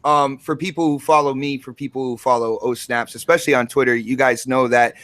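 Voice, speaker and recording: A man's voice: medium pitch, steady tone, a little fast, a bit bright, dry recording. A man in a casual gaming chat giving blunt, opinionated takes.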